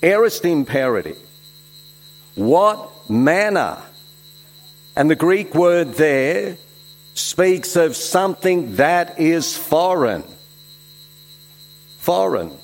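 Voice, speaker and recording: A middle-aged man, originally from Switzerland, preaching a sermon, swinging from loud emphasis to soft asides. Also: a little high, sing-song, drawn-out words, long pauses. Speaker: pastor.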